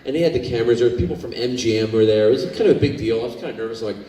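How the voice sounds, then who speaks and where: A man's voice: mid-range voice, rapid-fire. A man born in Scotland, a guest actor telling rambling stories to fans at a convention panel on a handheld mic. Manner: rambling, animated, with many fillers and restarts. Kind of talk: anecdotal storytelling to a fan audience. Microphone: handheld microphone. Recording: echoey hall, distant mic, faint room noise.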